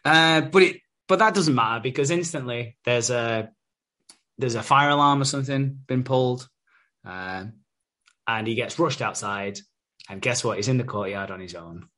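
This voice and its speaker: A man's voice: mid-range voice, normal speed, sharp tone. A man casually recapping a TV episode as a podcast host, chatty and sweary, laughing as he goes.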